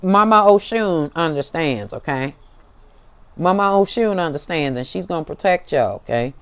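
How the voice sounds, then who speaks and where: A woman's voice: deep voice, expressive, normal speed. An American woman hosting a tarot show, giving a fiery, profane, preachy monologue to camera and calling her listeners baby. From United States. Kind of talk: impassioned direct-to-camera monologue.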